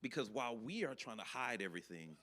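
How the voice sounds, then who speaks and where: A man's voice: mid-range voice, big pitch swings, fast, bright, forceful tone. A man preaching a short sermon in a conversational, earnest manner, peppered with "you know". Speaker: speaker, preacher.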